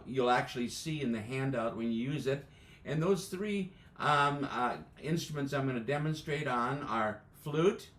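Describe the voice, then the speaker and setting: An American band music educator with a medium-pitched, fairly bright voice teaches beginning band embouchure, joining live by video from indoors. He's methodical, explaining step by step with plenty of "uh"s. The room sounds echoey in this instructional demonstration.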